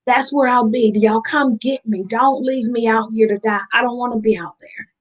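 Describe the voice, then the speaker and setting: In candid interview talk, this guest in recovery, a woman, speaks earnestly from the heart and addresses listeners as "y'all." Her pitch is fairly high, her tone steady, her pace moderate, and the recording sounds muffled.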